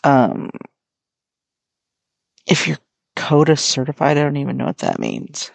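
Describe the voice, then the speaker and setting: A woman's voice: sits low, big pitch swings, unhurried, creaky, no echo. A young adult American woman hosting her own podcast, talking in a rambling, frank, swear-heavy casual way. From United States. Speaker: podcast host. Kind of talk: casual solo podcast chat.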